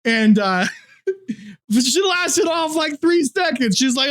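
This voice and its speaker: A man's voice: extremely high pitch, lively intonation, takes it slowly, a bit bright. A man co-hosting a casual gaming podcast, swearing and laughing as he tells teasing stories. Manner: crude, laughs often, teasing storyteller. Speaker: podcast co-host.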